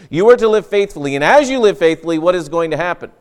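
A man's voice: high-pitched, fast, few pauses, clean tone. A man pastor preaching an earnest, emphatic sermon with frequent restarts.

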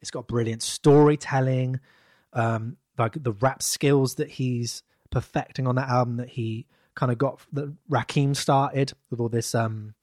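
A man's voice: medium pitch, darkish tone, no room sound, clean studio sound. A man co-hosting a podcast in casual chat, enthusiastic and joking. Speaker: podcast co-host.

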